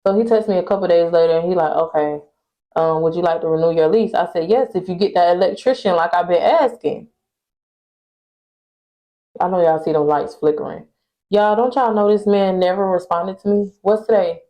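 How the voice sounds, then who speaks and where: A woman's voice: fairly low pitch, normal speed. Exasperated young woman venting. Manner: exasperated, venting, talks straight to viewers. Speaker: vlogger. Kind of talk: casual storytime rant. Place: at home indoors. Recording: muffled lo-fi phone audio.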